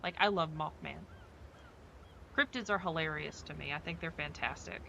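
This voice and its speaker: A woman's voice: low-pitched, moderate pace, creaky, muffled recording, noisy background. A woman streaming a game, chatting casually in a rambling way full of fillers. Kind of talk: casual chat while playing a game.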